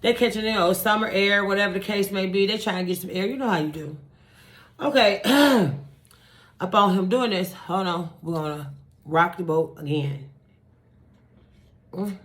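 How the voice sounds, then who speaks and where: A woman vlogger telling a true-crime story in a casual, animated, profane way, acting out gunshots with sound effects. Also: mid-range voice, normal speed, pauses often.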